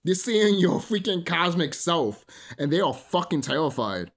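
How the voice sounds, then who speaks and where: A man's voice: a little high, big pitch swings, unhurried. A man ranting in a solo monologue, profane and rambling, full of fillers, preaching to his listeners as brothers and sisters. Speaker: vlogger.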